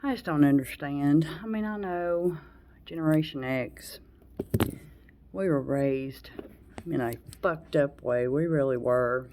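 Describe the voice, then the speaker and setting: Low, gravelly woman in her forties venting. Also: takes it slowly, warm tone, slight background noise. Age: 40s. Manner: frank, profane, rambling with sighs. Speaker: vlogger. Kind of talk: venting monologue to camera.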